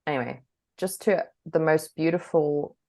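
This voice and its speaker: A woman's voice: sits low, measured pace, mellow. A woman co-hosting a podcast, talking candidly and rambling, often laughing between thoughts. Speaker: podcast co-host. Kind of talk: casual chat.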